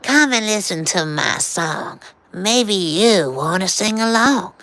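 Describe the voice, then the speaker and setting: A man putting on the voice of a slow-singing male harmonica player, in a drawn-out sing-song croon. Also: high voice, expressive, pushed and bright, no room sound, pitched above the performer's own voice, full character voice.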